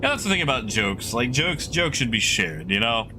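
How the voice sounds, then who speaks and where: A man's voice: medium pitch, very animated, moderate pace, music in the background. A man streaming a game live, chatting casually and rambling as he muses aloud to his chat.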